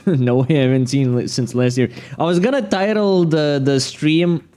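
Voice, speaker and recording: A man's voice: fairly high pitch, slow, dark tone, faint music behind. Profane, exasperated young male streamer. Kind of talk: casual livestream rant.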